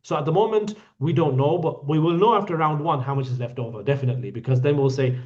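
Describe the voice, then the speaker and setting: A man's voice: on the high side, quick pace, darkish tone. A man guiding a hajj group in an online Q&A session, talking bluntly with teasing jokes. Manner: blunt, joking, scolding. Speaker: hajj tour guide. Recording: dull lo-fi audio.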